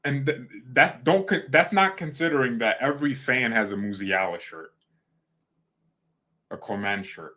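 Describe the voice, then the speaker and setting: A man's voice: mid-range voice, normal speed, bright, forceful tone. A man hosting a fan channel in casual livestream chat, rambling, correcting himself and joking. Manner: rambling, self-correcting, jokey.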